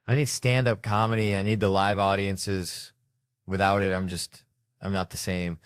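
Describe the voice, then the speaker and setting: A middle-aged man telling profane, animated stories as a stand-up comedian. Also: low voice, unhurried, clean tone, no echo, studio quality. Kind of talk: stand-up storytelling.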